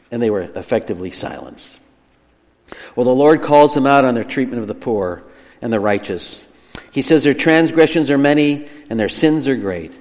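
A man preaching a sermon, emphatic and lively, dropping soft and slow on key phrases. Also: a little high. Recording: long hall reverb.

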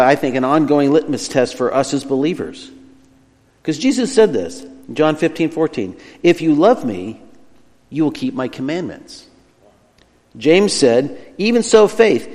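A man preaching a sermon, emphatic and lively, dropping soft and slow on key phrases. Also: a little high. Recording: long hall reverb.

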